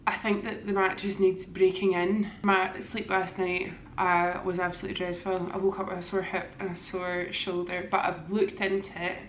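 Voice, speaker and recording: A woman's voice: lowish voice, level tone, normal speed, hardly any pauses. Woman, Scottish accent, chatty enthusiastic vlogger, echoey hotel room, faint background noise. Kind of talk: casual vlog chat.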